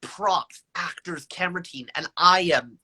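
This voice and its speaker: A man in his twenties, a guest telling stories in a live video chat with high energy and a playful, self-mocking manner. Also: measured pace, bright, forceful tone, slightly rough.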